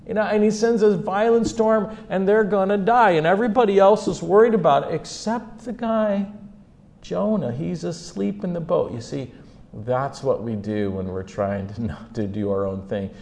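A man giving an animated sermon, retelling Bible stories and swinging from quiet asides to loud, emphatic peaks. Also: high-pitched, moderate pace, creaky. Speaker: speaker teaching on faith and mental health.

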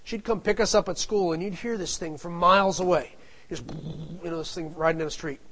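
A middle-aged man with a high, fairly bright voice speaks briskly, telling a family anecdote in a casual, rambling, digressive way with frequent asides. The audio is poor, with slight background noise.

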